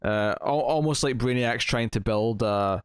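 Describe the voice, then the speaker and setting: A man's voice: medium pitch, a little slow, smooth, no echo, clean studio sound. A man co-hosting a comics review podcast, chatting casually and thinking aloud with fillers. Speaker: podcast co-host.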